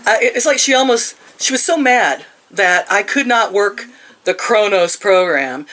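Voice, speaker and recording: A woman's voice: medium pitch, a bit bright. A woman in her sixties telling a story in a casual rant, sarcastic and laughing often. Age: 60s. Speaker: vlogger.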